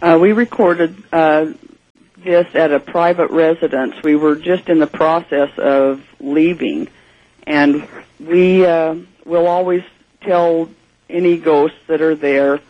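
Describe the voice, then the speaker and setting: A man's voice: fairly high pitch, fairly even intonation, slow. A man guesting on a radio interview as a ghost investigator, speaking hesitantly with many fillers, heard over dull broadcast audio.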